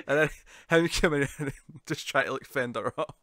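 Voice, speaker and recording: A man co-hosting a casual TV review chat, laughing often and slipping into animated impressions of characters. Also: a little high, normal speed, no room sound, clean studio sound. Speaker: podcast co-host.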